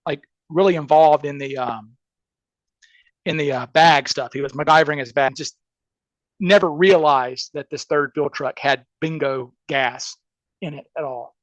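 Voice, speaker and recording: A man telling a story in casual podcast chat, animated and chatty, acting out the people he quotes with lots of "like" and quick restarts. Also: on the high side, no room sound, muffled recording. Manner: animated, acts out quoted people with shifting voices.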